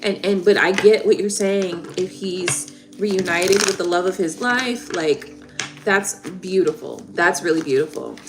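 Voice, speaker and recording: A woman's voice: fairly low pitch, a little slow, noisy background. A young woman giving tarot readings on a live stream, chatting casually and emotionally with viewers.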